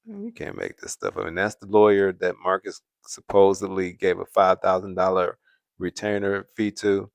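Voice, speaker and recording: A man's voice: low voice, lively intonation, moderate pace, creaky, no echo. A man hosting a live stream, chatting casually with viewers, laughing often as he answers the chat. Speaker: livestream host.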